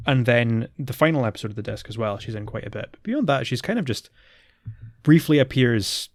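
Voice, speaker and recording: A man's voice: mid-range voice, expressive, fairly quick, no room sound, studio quality. A man co-hosting a podcast, chatting casually and recapping plots with plenty of fillers. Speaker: podcast co-host. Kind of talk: casual chat.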